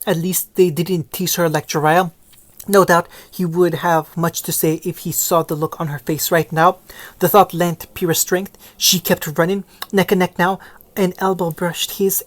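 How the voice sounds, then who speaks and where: A woman with a lowish voice reads a fan fiction story aloud as storybook narration, often stumbling over words and correcting herself. There's no room sound in the recording.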